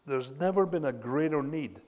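A man preaching a sermon, retelling scripture with animated storytelling and frequent rhetorical questions. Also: fairly high pitch, moderate pace, big-room sound.

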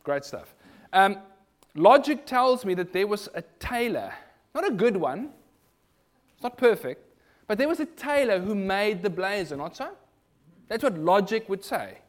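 A man with a South African accent preaching a sermon in an animated, rhetorical way. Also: high voice, unhurried, pauses often. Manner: animated, rhetorical, mimics other voices in quotes.

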